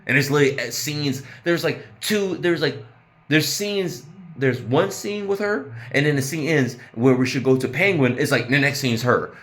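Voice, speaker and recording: A man's voice: fairly high pitch, lively intonation, normal speed, a bit bright. A man ranting casually about a TV episode, exasperated and profane, laughing at his own jokes. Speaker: TV show reviewer. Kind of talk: casual profane review rant.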